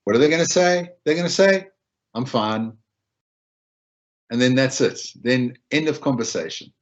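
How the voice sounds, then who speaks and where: Speaking fairly quickly in an expressive, medium-pitched voice, a man delivers a casual wellbeing talk on helping others. He repeats himself a lot and performs what people say, all over lo-fi sound.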